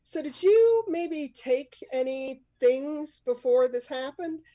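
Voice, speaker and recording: A woman's voice: high voice, expressive, slow pace, mellow, pitched above the performer's own voice. Blunt, mocking ER nurse as a woman puts her on. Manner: blunt and scolding.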